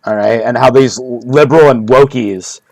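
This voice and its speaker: A man's voice: mid-range voice, normal speed, creaky, darkish tone, dry recording. A man rambling through a mock-serious comedic monologue, repeating himself often, in a streaming style.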